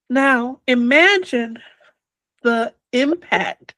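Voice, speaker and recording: Older woman, interview guest, slow reflective storytelling, slightly high voice, dry close sound. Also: fairly bright tone, dry recording, low-quality recording. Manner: slow and reflective, drops to a whisper on quoted words.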